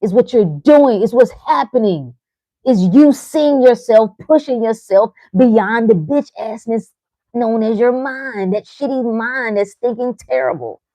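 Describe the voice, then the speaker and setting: A woman's voice: fairly high pitch, lively intonation, measured pace, mellow, dry recording. A woman hosting a live motivational talk, speaking frankly and profanely, teasing her listeners with short laughs as she reads their comments. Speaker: livestream host reading chat.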